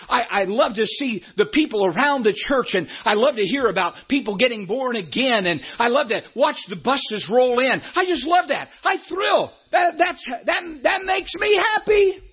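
A male pastor preaching a sermon, breaking into shouts and then dropping low. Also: breathy edge, muffled recording. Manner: preaching with sudden shouts and wide swings in pitch.

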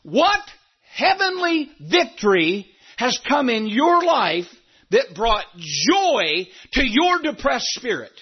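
Pastor guy preaching, high husky voice, shouty, lo-fi church tape. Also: very animated, slow. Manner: preaching with sudden shouts and wide swings in pitch. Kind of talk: sermon.

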